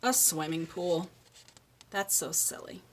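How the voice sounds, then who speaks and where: A woman giving a children's speech lesson, reading a picture book aloud and slowly modeling words for a young child to repeat. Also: on the low side, background noise. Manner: slow, encouraging, exaggerates word sounds for a child. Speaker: speech therapist.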